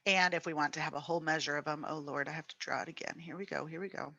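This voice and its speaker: A woman's voice: low-pitched, steady tone, racing, hardly any pauses, sharp tone, dry recording. A woman giving an online music lesson, chatty and encouraging, counting beats and singing rhythms on "da". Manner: counts aloud and sings rhythms on "da"; chatty, encouraging, thinks aloud. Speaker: music teacher.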